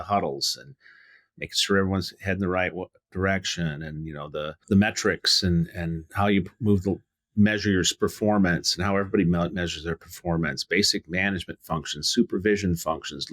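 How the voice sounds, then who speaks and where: Sitting low with a fairly bright tone, this middle-aged man's voice comes through in a studio-quality, echo-free recording. He's a guest who owns a home services business, and he answers interview questions in a rambling, frank way, with frequent restarts and mild profanity.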